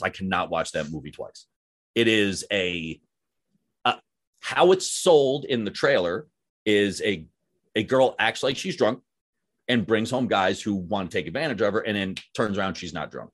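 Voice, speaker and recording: A young adult man hosting a podcast, chatting casually and swearing freely, saying "dude" and "like" a lot. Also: on the low side. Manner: animated, swears freely, says "dude" and "like" often. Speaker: podcast host. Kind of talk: casual chat.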